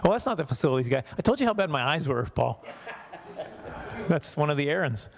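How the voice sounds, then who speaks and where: A man's voice: fairly high pitch, very animated, a little fast, gravelly. Man, stand-up comic from Canada, self-mocking, chatty, does voices for characters, church hall crowd. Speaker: stand-up comedian. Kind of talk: stand-up comedy set. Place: church hall with a small audience.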